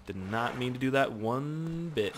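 Profane, excitable gaming man. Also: mid-range voice, a little slow, slight background noise. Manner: profane, excitable, rambling self-talk. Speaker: gaming YouTuber. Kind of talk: casual gameplay commentary.

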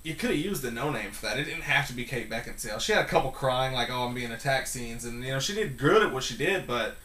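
A man co-hosting a casual movie review, giving quick, joking opinions. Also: mid-range voice, animated, pushed and bright. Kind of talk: casual chat. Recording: roomy, mic far off.

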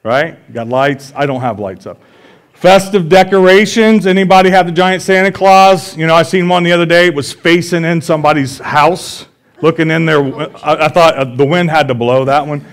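A man's voice: on the high side, moderate pace. A man with a Midwestern American accent preaching a sermon in a church, conversational and joking, often checking in with the congregation. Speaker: pastor. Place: church sanctuary.

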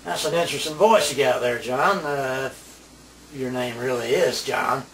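A man's voice: mid-range voice, a little slow, creaky, fairly bright tone, roomy sound, recorded from a distance, a little hiss or hum. A man playing a radio DJ in a comedy sketch, grumbling, exasperated and sarcastic.

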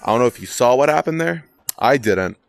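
A man's voice: medium pitch, lively intonation, a little fast, creaky. A young man giving casual, rambling gameplay commentary, swearing casually and poking fun at himself. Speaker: gaming video creator.

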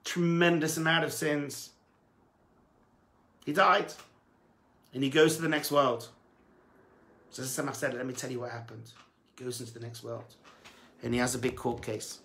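A male rabbi giving a sermon, telling a story with animated delivery that moves between hushed and emphatic. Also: medium pitch, moderate pace, pauses often.

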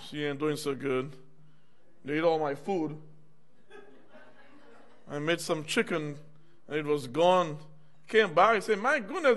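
A middle-aged male minister preaching in a church, conversational, often calling out "amen" and "y'all" to the congregation. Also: on the high side. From United States. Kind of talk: personal testimony sermon.

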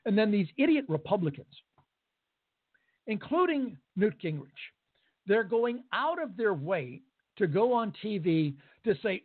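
Animated, high-pitched talk radio man. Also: normal speed, husky. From United States. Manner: animated, emphatic, sarcastic. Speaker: radio talk show host. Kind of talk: opinion monologue. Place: radio studio. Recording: phone-like narrow band.

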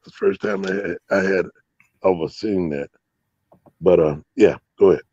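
A man's voice: low voice, moderate pace, darkish tone, lo-fi sound, slight background noise. A man telling rambling, profane stories as an interview guest, with many fillers and frequent laughs. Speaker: interview guest, dog breeder. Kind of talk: casual storytelling interview.

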